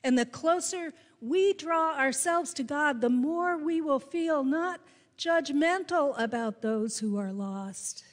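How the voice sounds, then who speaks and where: A woman preaching with a Midwestern American accent, her voice sitting a little high. She tells her story slowly and deliberately, leaning into key words. The sound carries the long reverb of a church sanctuary. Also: expressive. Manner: storytelling, slow and deliberate with emphatic rises. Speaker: pastor. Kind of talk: sermon.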